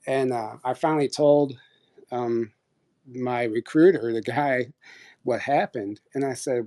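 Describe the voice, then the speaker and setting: Mellow-voiced man rambling through a story. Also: medium pitch, unhurried. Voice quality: rambling, many fillers and restarts. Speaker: podcast host sharing experiences. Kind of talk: casual storytelling on a live audio chat.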